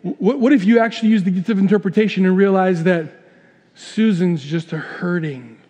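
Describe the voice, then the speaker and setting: A middle-aged male pastor preaches to his congregation in an animated, storytelling way, acting out the people in his examples. His voice sits fairly high for a man. The sound carries a long reverb from the church sanctuary. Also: moderate pace. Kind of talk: sermon.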